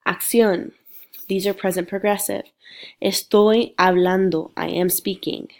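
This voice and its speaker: A woman, a Spanish teacher with a cold and sniffles, giving a patient, clearly explained recorded lecture. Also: mid-range voice, steady tone, measured pace, a little mellow. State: sick with sniffles.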